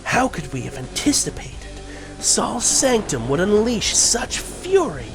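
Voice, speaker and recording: A man voicing a grim adult male villain from a video game in a low, solemn and measured tone. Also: wildly swooping pitch, over music, full character voice. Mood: grave.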